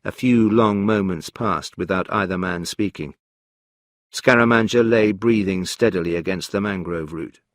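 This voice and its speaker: Calm, measured male narrator. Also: low voice, no echo, studio quality. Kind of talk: scripted story narration for learners.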